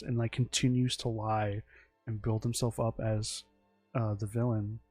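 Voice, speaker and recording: A man's voice: medium pitch, monotone, normal speed, a little mellow, dry recording, soft background music. A man telling a loose, meandering story about his original characters, full of fillers, restarts and swearing. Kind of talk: casual rambling storytelling.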